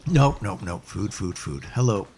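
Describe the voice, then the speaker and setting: Slow, musing man narrating gameplay. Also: lowish voice, lively intonation, darkish tone, slight background noise. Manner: musing aloud, hesitant restarts. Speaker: let's play host. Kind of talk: casual gameplay commentary.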